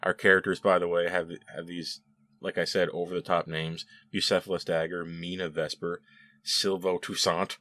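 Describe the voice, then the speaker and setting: A man hosting a casual spoken review, chatty and animated, with frequent laughs and restarts. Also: deep voice, normal speed. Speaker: show host reviewing episodes.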